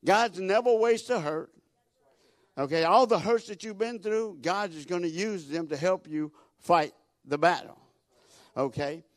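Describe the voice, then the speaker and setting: A man preaching a sermon as a guest speaker, telling folksy stories, repeating words and building to loud emphatic peaks. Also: high voice, measured pace, dry recording.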